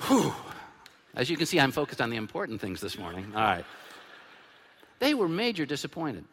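A man in his fifties preaching a sermon as pastor, emphatic and animated, dropping to a hush and then bursting out loud. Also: mid-range voice, fairly quick, a little hiss or hum. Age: 50s. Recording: long hall reverb.

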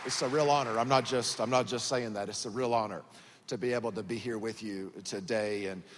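A man's voice: on the low side, fairly even intonation, fairly quick. A man in his thirties from Georgia with a Southern US accent, preaching as a guest pastor in a folksy, joking, conversational way. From Georgia, USA. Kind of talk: sermon. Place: large church auditorium. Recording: church hall reverb.

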